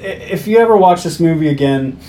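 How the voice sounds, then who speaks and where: A man's voice: on the high side, expressive, brisk, mellow. A man on a movie podcast retells scene after scene in easy, casual talk. He drops swear words without thinking about it. A faint hiss sits under the recording. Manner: recaps the plot, swears casually. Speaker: podcast co-host. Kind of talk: casual movie recap chat.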